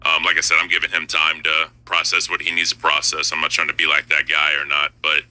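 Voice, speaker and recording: A man's voice: a bass voice, monotone, brisk, sharp tone, no echo, rough recording. A man chatting casually on a live stream, laid-back and repetitive, often saying bro.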